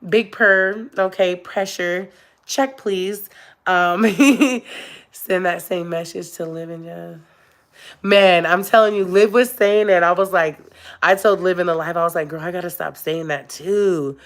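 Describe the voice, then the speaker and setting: A woman's voice: on the low side, unhurried. A young woman chatting casually on a live stream with her viewers, emotional and laughing often as she talks to them directly. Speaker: YouTube vlogger.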